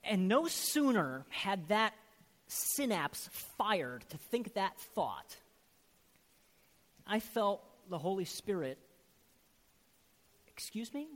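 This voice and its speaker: A pastor with a strikingly high voice preaches an earnest, emphatic sermon and keeps pressing his listeners with rhetorical questions. His voice carries a long, lingering reverb, as if the sound fills a large church sanctuary. He is a man speaking from the pulpit to his congregation. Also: sing-song, slow, fairly bright tone.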